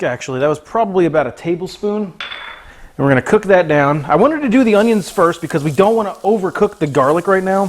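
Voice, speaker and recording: A man on the higher side of the pitch range cooks live from his home kitchen, bantering goofily with viewers and his pets. Food sizzles in a pan, and there's a slight hiss or hum in the recording.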